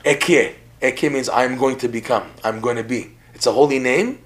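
A man's voice: medium pitch, normal speed. A man giving a religious lecture in a podcast conversation, talking animatedly with frequent repeated words and laughs. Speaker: religious teacher.

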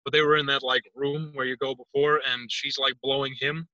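A man's voice: medium pitch, little pitch movement, fairly quick, bright, forceful tone, dry recording, highs cut off. A man chatting casually on a podcast, telling loose, profane stories. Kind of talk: casual chat.

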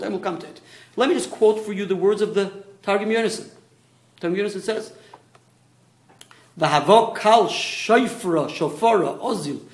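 Animated rabbi with a lively high voice. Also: male voice, reverberant. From Australia. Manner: animated, stop-start explaining with many restarts and asides. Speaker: rabbi teaching a Torah class. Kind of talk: lecture to a small class.

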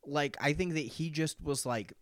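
A man's voice: fairly high pitch, normal speed, dry recording, studio quality. A young man co-hosting a podcast, chatting casually and animatedly with lots of fillers and laughs. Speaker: podcast co-host. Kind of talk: casual chat.

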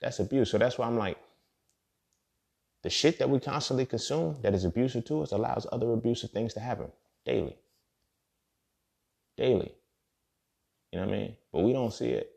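A man's voice: medium pitch, moderate pace, gravelly, long pauses, darkish tone, slightly rough. A man hosting a podcast, talking in a blunt, profane, rambling monologue and often repeating words. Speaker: podcast host. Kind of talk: casual monologue.

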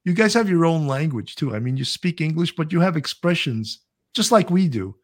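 A Brooklyn, New York man co-hosts a casual live-stream chat, reading viewer comments aloud in a chatty way. He talks fairly quickly, with a fairly high pitch and lively intonation.

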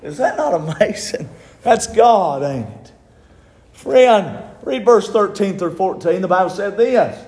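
High-voiced shouting preacher, echoey room. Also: male voice, lively intonation, a little slow. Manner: impassioned, rising to shouts. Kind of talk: sermon.

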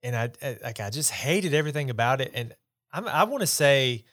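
A man's voice: medium pitch, animated, a little fast, a bit bright. A man hosting a casual podcast chat, talking in an opinionated, rambling, dismissive way. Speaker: podcast host.

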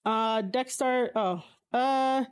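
A woman in a casual, opinionated chat, reading viewers' comments aloud and answering them. She swears bluntly, uses a lot of fillers and laughs often, with sudden high-pitched exclamations. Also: drawn-out words, clear, resonant tone. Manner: blunt and profane, frequent fillers.

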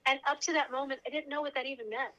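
A bright, lively woman in her thirties recounts a personal story as a podcast guest. Her voice sits a little high, and she laughs often as she talks. The audio is slightly dull and lo-fi. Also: rapid-fire.

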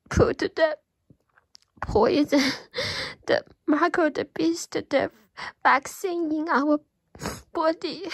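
A woman's voice: high voice, dry recording, low-quality recording. A woman giving an emotional religious testimony and prayer, tearful and pleading, often dropping to a whisper. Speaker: Christian believer giving testimony.

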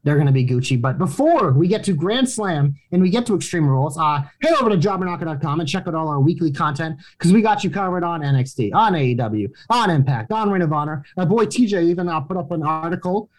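A man's voice: fairly high pitch, animated, quick pace, few pauses. A man hosting a wrestling podcast, loose and casual, swearing and running through plugs.

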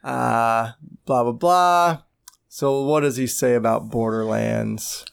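A man's voice: mid-range voice, slow, vocal fry, clear, resonant tone. A man hosting a casual gaming podcast, reading out news in an easygoing way. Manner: easygoing, reads news out loud.

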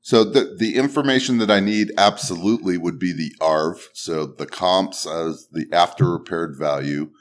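A man's voice: low-pitched, normal speed, few pauses. A man answering as a podcast guest, direct and listing details plainly. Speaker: guest investor. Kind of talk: casual podcast Q&A.

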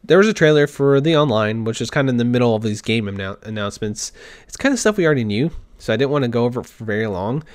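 A man's voice: medium pitch, expressive, quick pace, no echo, clean studio sound. A man casually recapping a game showcase on his own show, rambling, correcting himself and acting out fan reactions. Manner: rambling, self-interrupting, mock-acts fan reactions. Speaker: gaming podcast host. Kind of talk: casual solo commentary. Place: home desk.

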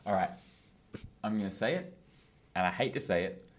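A man from Western Australia co-hosting a podcast, chatting casually and teasing his co-host. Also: lowish voice. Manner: animated, teasing, quick to laugh. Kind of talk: casual chat.

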